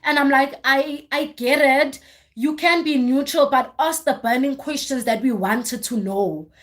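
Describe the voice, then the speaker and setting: A woman hosting a livestream, recapping a reality show in casual chat with animated, exasperated storytelling. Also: high voice, unhurried. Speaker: livestream host.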